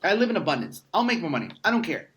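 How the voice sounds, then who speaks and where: A man's voice: a little high, sing-song, rapid-fire, a bit bright. A man in his thirties, a podcast guest in casual conversation, telling stories emphatically and swearing freely. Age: 30s. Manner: emphatic, profane storyteller.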